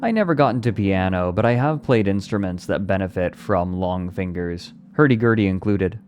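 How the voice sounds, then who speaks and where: Low-voiced man chatting on a livestream. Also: normal speed, darkish tone, a little hiss or hum. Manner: playful, rambling, answering chat. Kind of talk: casual chat with stream viewers.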